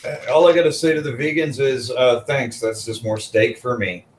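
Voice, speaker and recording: A man's voice: mid-range voice, normal speed, slight background noise. A man in a casual podcast chat, making dry, laid-back jokes.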